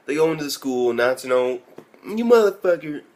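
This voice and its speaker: A man's voice: medium pitch, steady tone, fairly quick. Man ranting profanely about an anime episode. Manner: profane, incredulous, laughs while retelling. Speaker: anime reviewer. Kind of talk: casual episode recap.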